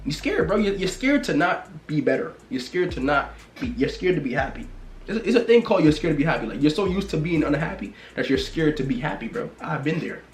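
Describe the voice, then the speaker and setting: A man in a casual rant to camera, talking bluntly and repetitively, swinging from loud exclamations to low mutters. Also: expressive, brisk, roomy sound, a little hiss or hum. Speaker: vlogger.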